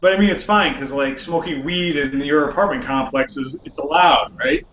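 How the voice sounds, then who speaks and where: A man's voice: fairly high pitch, normal speed, roomy sound, highs cut off, a crowd in the background. A man on a casual podcast, rambling and saying "like" a lot. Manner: rambling, heavy use of "like". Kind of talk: casual chat.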